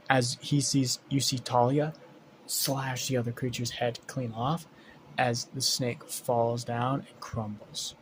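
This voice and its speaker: A man's voice: mid-range voice, little pitch movement, slow, a little hiss or hum, poor audio. Rambling man improvising a story. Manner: rambling, swearing, many restarts. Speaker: fan fiction storyteller.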